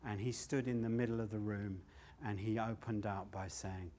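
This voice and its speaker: A man's voice: fairly low pitch, fairly even intonation, moderate pace, mellow, a little hiss or hum. An older man telling stories on stage, loose and sweary, often laughing at his own tales. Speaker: storyteller and comedian. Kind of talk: live standup storytelling.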